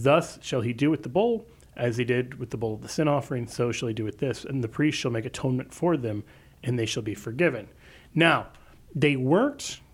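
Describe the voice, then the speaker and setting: A man's voice: medium pitch, husky. A man from the Kansas City area speaks as a guest in a radio studio. He answers callers' questions with fluent, well-ordered explanations, sometimes speeding up. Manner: fluent explanatory, quick bursts. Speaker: apologist guest.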